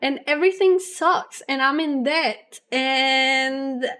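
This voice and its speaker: A young adult woman streamer chatting casually with her live chat, rambling on at length and laughing often, a little low on energy. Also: takes it slowly, fairly bright tone. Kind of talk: casual livestream chat, reading chat aloud.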